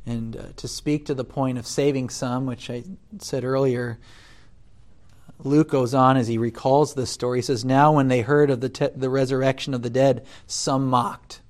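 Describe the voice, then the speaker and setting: A man preaching a sermon, deliberate, rising loud when he quotes scripture and dropping soft between points. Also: mid-range voice, steady tone. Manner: deliberate, swells loud on scripture then drops quiet.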